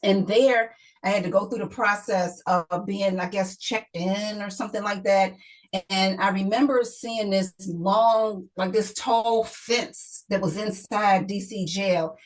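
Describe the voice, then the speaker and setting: A woman's voice: mid-range voice, fairly even intonation, measured pace, low-quality recording. A middle-aged woman, a guest author, telling an emotional personal story in an interview, often repeating herself and quoting others.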